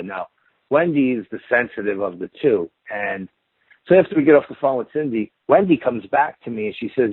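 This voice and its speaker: A man's voice: on the low side, lively intonation, a little fast, breathy edge, no room sound. A man, a guest on an interview, telling a long encounter story in a rambling, casual way with repetitive build-ups. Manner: rambling, repetitive build-up with stacked "and then you hear" phrases. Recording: tinny phone line.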